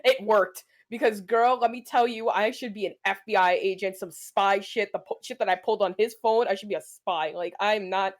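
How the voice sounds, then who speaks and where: This young woman co-hosting a podcast talks at medium pitch and normal speed with few pauses, relating a story casually. She's energetic and foul-mouthed, dramatizing what others said.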